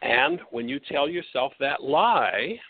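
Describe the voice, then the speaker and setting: A man's voice: medium pitch, big pitch swings, takes it slowly, dry recording. A man hosting a radio talk show, lecturing in a teacherly way and posing rhetorical questions he then answers. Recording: tinny phone-like line, dry.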